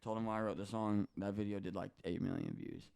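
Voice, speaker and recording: Low, gravelly young man telling stories. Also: fast talker. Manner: animated, swears often, acts out quoted voices. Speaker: podcast guest. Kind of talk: casual storytelling interview.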